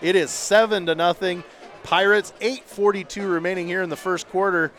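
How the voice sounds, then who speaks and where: A man doing play-by-play commentary for a local high school football radio broadcast, chatty and rising with excitement on big plays. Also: normal speed. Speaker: play-by-play announcer. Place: outdoor stadium broadcast booth.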